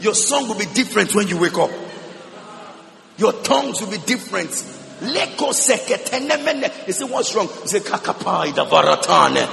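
Gravelly man pastor preaching loud, reverb-y church hall. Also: high-pitched, expressive, a little fast, long pauses. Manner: emphatic preaching with shouts and tongues. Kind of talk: sermon.

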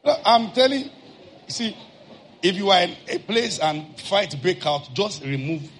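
A man's voice: high-pitched, unhurried. Preacher guy telling a story, voice jumps all over, faint hiss in the room. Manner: animated storytelling, acts out shouted outbursts. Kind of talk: sermon with personal story.

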